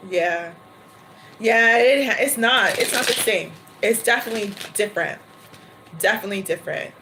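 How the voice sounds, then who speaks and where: A woman hosting a livestream, chatting casually and laughing often between quick asides. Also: medium pitch, pushed and bright, slight background noise, rough recording. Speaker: tarot reader livestream host.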